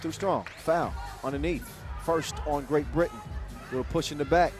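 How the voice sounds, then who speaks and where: A man giving quick, energetic, joking play-by-play commentary at a live basketball event. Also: fairly high pitch. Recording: broadcast mix with loud crowd and music.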